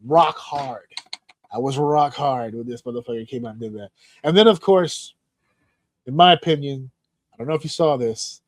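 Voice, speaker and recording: A man's voice: medium pitch, moderate pace, dry recording. A man hosting a podcast in casual chat, telling stories animatedly and swearing often. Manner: animated, profane storytelling with acted-out shouts. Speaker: podcast host.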